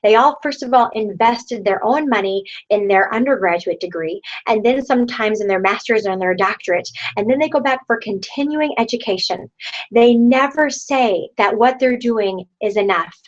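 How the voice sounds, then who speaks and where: Woman in her thirties, high voice, rousing sales pep talk, lo-fi video-call sound. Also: moderate pace. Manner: rousing, repeats rhetorical questions. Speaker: sales team leader. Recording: dull lo-fi online video call.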